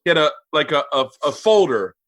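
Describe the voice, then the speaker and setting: A man on a remote call, telling family stories in a casual, animated way, cursing freely and acting out his parents. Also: a little high, brisk, dry recording. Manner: animated, profane, acts out family members. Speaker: guest, comedian. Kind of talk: casual storytelling chat.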